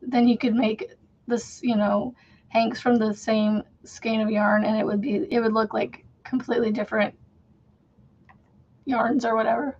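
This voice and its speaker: A woman's voice: fairly high pitch, flat delivery, measured pace, darkish tone, slightly rough, dull audio. A woman in her thirties hosting a casual crochet livestream from home, chatting in a rambling way and laughing often as she works. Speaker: crochet channel host.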